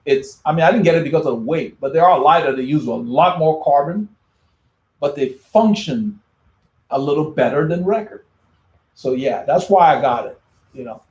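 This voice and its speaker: Male channel host, slightly high voice, rambling casual chat, roomy echo. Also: animated, moderate pace, darkish tone. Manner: rambling, repeats words and restarts often. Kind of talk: casual live chat answering viewer comments.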